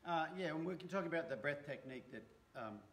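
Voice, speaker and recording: Relaxed man telling a rambling story. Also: a little high, quick pace, a little hiss or hum. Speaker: horse trainer, co-host. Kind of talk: casual conversational chat.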